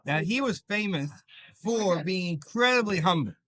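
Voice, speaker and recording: A man, a rabbi teaching a class, telling stories in a lively way and acting out the characters' lines. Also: high voice, moderate pace, dry recording. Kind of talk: storytelling Torah class.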